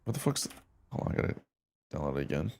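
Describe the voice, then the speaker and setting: A man's voice: a bass voice, sing-song, fast talker, vocal fry, a little mellow. A man streaming a game, chatting casually to his viewers while reviewing a match replay, slangy and swearing as he thinks aloud. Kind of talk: casual live-stream commentary and demo review.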